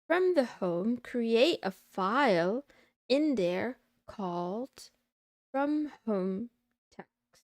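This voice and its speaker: A woman's voice: a little high, lively intonation, extremely slow, darkish tone, dry recording. A woman VTuber streamer in casual livestream chatter while studying, muttering to herself and slipping in playful meows and silly sounds.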